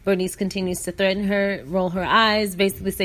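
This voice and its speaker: A woman with an ordinary middle-pitched voice hosts a podcast, narrating a funny clip. She tells it with lively comic energy and keeps breaking into laughter. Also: a little fast. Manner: animated, laughing storyteller. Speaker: podcast host. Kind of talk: comedic story recap.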